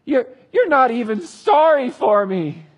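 A man voicing a furious, paranoid old king who shouts accusations at his men. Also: very high voice, very animated, measured pace, husky, lo-fi sound, pitched above the performer's own voice, heavily acted. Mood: furious shouting.

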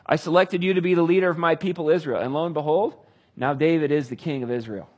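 Husky man preaching with animated emphasis. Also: fairly high pitch, fast, muffled recording. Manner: animated, conversational preaching with dramatic readings. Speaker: pastor. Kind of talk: sermon.

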